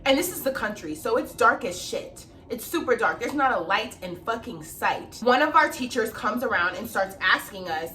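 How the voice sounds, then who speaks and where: A young woman tells a storytime in a casual, animated way, swearing freely and acting out the people she describes. Her voice is fairly high and very bright. She sits a little back from the mic. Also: moderate pace, few pauses, distant mic. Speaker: vlogger telling a storytime.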